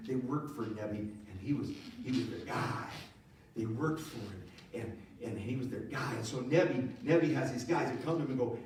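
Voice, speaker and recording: A male pastor preaching a sermon with animated, playful storytelling. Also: medium pitch, normal speed, slight background noise. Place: church auditorium. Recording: echoey church hall, distant mic.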